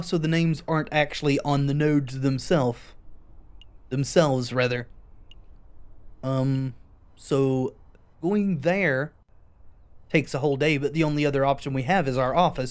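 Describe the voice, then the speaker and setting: A woman's voice: deep voice, expressive, measured pace, darkish tone, clean tone. A woman casually commenting as she plays a game, with wry, self-deprecating asides. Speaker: let's play host.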